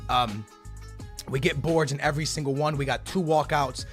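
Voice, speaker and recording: A young man opening game card packs, excitable and stammering, his voice shaky with excitement as he keeps calling out to his viewers. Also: medium pitch, moderate pace, faint music behind. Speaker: gaming YouTuber. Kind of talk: excited pack-opening commentary.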